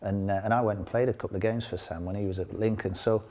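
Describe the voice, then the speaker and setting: Older man, ex-footballer guest, low-pitched, rambling anecdotes, laughs often. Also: steady tone, quick pace, darkish tone. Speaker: interview guest, former footballer. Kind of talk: casual storytelling interview.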